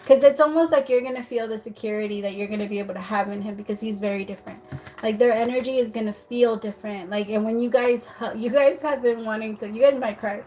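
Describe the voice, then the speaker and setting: A woman's voice: fairly high pitch, fast, mellow, slight background noise. Giggly chatty woman reading tarot. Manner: chatty, giggly, many fillers and restarts. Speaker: tarot reader. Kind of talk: casual livestream tarot reading.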